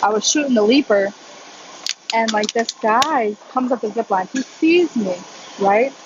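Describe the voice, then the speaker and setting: A woman live streaming from a gym on her phone, telling a story in casual chat full of "like" and quick laughs. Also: a little high, muffled recording, noisy background.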